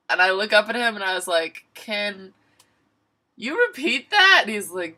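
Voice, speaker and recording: A woman's voice: mid-range voice, lively intonation, moderate pace, pushed and bright. A young woman telling an embarrassing personal story in a candid, self-mocking way, acting out her own lines. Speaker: vlogger. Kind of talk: casual storytelling.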